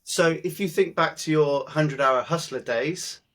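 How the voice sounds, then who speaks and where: A man's voice: fairly high pitch, moderate pace, a bit bright. A man hosting a podcast, introducing and interviewing a guest in an upbeat, playful, self-mocking way. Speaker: podcast host.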